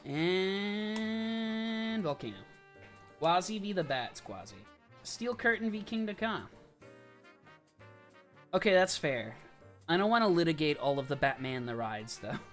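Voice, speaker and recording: A man's voice: a little high, sing-song, fairly bright tone, soft background music. Chatty young man on a livestream. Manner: chatty, quick verdicts with asides and laughs. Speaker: livestream host. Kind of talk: casual live-stream commentary.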